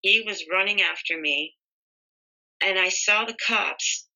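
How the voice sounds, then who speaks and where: Middle-aged woman, interviewee; bright, piercing tone, emotional first-person storytelling. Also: medium pitch, slow, rough recording. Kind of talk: personal testimony.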